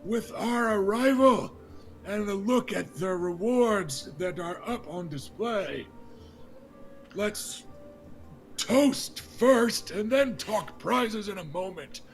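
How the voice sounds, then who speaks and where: A man voicing a boisterous, generous king who bellows slow proclamations to a crowd. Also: high voice, animated, soft background music, pitched above the performer's own voice, full character voice. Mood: jovial. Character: booming jovial bearded king, boisterous and generous.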